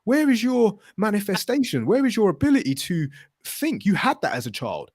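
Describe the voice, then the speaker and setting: A man hosting a podcast, talking in an animated, casual way, swearing and telling stories with acted quotes. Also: sits high, fairly quick, dry recording, studio quality. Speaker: podcast host.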